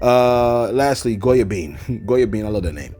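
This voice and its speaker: Animated man chatting over faint music. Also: medium pitch, measured pace. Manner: loose and animated, prays and preaches with scripture. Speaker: host of a celebrity news channel. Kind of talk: casual livestream chat reading comments.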